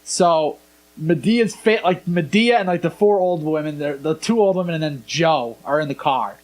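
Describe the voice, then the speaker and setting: A young man with a fairly high voice hosts a podcast at a moderate pace, casually retelling scenes in a relaxed chat. He's an animated storyteller who acts out the lines he quotes.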